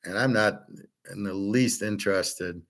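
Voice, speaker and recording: A man's voice: on the low side, measured pace, fairly bright tone. A man hosting his own show, talking in a blunt, opinionated, rambling monologue full of fillers and restarts. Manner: mimics others in quoted asides. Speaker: host.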